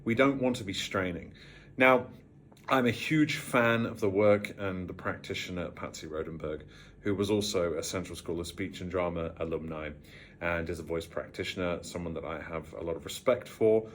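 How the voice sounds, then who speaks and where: A man in his thirties from Worcestershire, speaking with a trained neutral British accent and a tired edge with slight vocal fry, explaining voice technique in a measured, precise way. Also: sits low, slight background noise. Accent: trained neutral British English. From Worcestershire, England. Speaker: voice coach. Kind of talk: talking-head vocal lesson.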